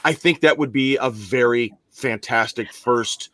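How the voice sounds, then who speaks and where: A man's voice: mid-range voice, unhurried, a bit bright, no room sound. Hesitant man co-host, dry sound. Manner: hesitant, full of restarts. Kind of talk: casual panel chat.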